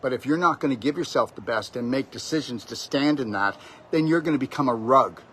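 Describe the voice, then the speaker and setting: A man's voice: medium pitch, fairly quick, fairly bright tone, a little hiss or hum. Preachy man giving a rambling pep talk. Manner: preachy, emphatic, keeps addressing the listener directly. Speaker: natural health speaker. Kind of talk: rambling motivational monologue.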